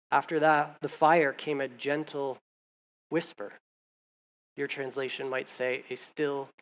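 A man preaching a sermon in a conversational way, growing animated as he reads scripture aloud. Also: fairly high pitch. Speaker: pastor.

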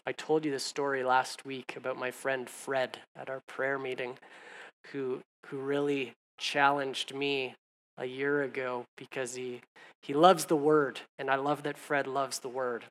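A man preaching a sermon in a conversational way, growing animated as he reads scripture aloud. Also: mid-range voice, unhurried. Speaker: pastor.

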